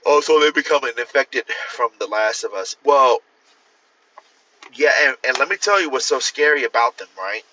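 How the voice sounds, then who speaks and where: Guy ranting on his phone live, swears a lot, answers comments, sharp bright voice. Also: medium pitch, expressive, normal speed, lo-fi sound. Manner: profane, rambling, talks straight to viewers. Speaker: author hosting a livestream. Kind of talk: casual livestream chat.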